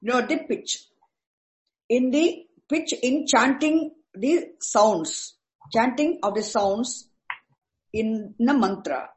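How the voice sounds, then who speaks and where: Woman, high voice, patient teacher who repeats herself often. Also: lively intonation, rough recording. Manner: patient, repetitive, restarts words and spells out terms slowly. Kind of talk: explaining Vedic chanting accents to a class.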